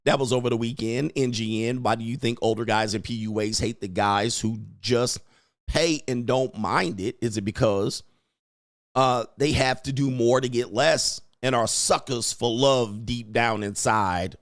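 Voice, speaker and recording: A man's voice: medium pitch, steady tone, a little slow, dry recording, studio quality. A man hosting a live stream as a dating coach, rambling crudely, reading viewer questions and putting on mock voices.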